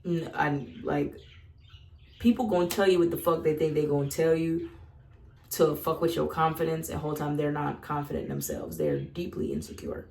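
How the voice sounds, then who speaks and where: A woman's voice: sits low, expressive, normal speed, a little mellow. Blunt, profane woman, echoey room. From Southern United States. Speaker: vlogger. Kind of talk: candid casual monologue.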